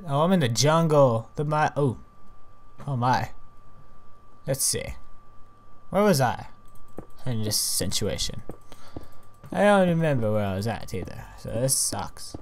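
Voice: medium pitch, lively intonation, normal speed, long pauses. A gamer giving casual, rambling commentary while playing, chatting to the animals and mobs along the way. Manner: chatty, fumbling restarts.

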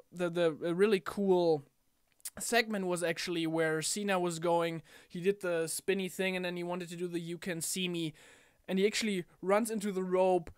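A young man ranting casually about a wrestling event in a home vlog, animated and chatty, often slipping into impressions of the people he talks about. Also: high-pitched, clean tone, no room sound, studio quality. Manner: animated, mimics wrestlers in quotes. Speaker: wrestling fan vlogger.

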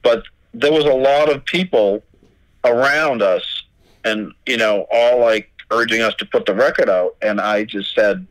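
A man's voice: mid-range voice, unhurried, dry recording, rough recording. A man, a record label owner, telling stories as a podcast guest, swearing freely and acting out old conversations. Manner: swears freely, retells dialogue with "I go". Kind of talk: storytelling in a podcast interview.

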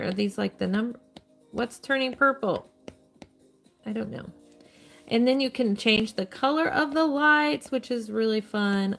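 A woman with a medium-pitched, gravelly and slightly bright voice hosts a live stream while playing a mobile game. She chats casually and cheerfully, answering questions from her viewers.

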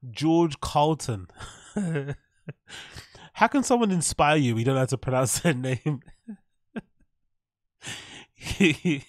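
A man with a slightly raised, lively voice hosts a reaction video. He keeps breaking into laughter and gleefully repeats the mispronounced names he hears. He talks slowly, and the close, dry recording leaves no room echo. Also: fairly high pitch. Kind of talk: reaction commentary.

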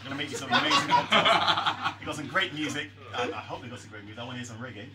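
A man's voice: mid-range voice, animated, quick pace. A man hosting a rum tasting in a busy bar, joking, laughing often and bantering with the audience. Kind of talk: jokey live presentation. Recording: noisy bar crowd, mic at a distance.

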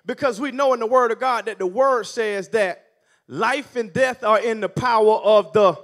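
A male minister preaching a sermon with call-and-response, building from calm teaching to near shouting. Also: high voice, normal speed.

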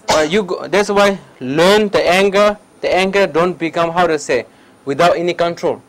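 A man's voice: sits high, normal speed, low-quality recording. A man giving a public talk on meditation in simple, broken English, with short repeated phrases and direct questions to his listeners. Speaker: meditation teacher.

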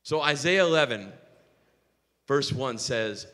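A male pastor preaching a sermon, telling stories in an animated way with self-mocking humor. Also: on the high side, unhurried, in a large hall. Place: church sanctuary.

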